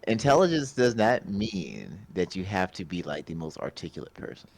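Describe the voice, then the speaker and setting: A man player joining a tabletop game session. His voice is very deep yet moves around a lot in pitch, and he tosses in wry, joking remarks. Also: big pitch swings, moderate pace, gravelly, a little mellow, no echo. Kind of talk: casual chat at a game table.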